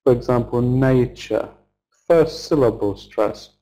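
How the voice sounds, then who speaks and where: A middle-aged man teaches English pronunciation, modelling each word slowly and clearly so learners can repeat it. His voice is mellow and relaxed, and he takes his time over every syllable. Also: mid-range voice, rough recording. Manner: slow, deliberate, modelling words for repetition. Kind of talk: pronunciation lesson, slow drills.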